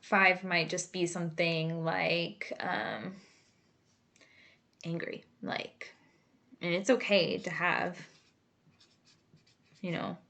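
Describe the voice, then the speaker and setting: A woman working as a creative arts therapist, explaining a coping exercise in a relaxed, chatty way with many fillers and asides. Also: on the low side, drawn-out words, gravelly, long pauses. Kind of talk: casual instructional talk.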